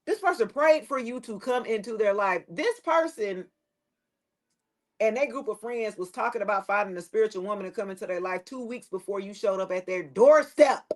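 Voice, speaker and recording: Blunt, preachy woman reading tarot. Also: moderate pace. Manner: preachy, blunt and profane, with loose slangy phrasing; drops into a lower tone at times. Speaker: tarot reader. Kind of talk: casual tarot reading to the camera.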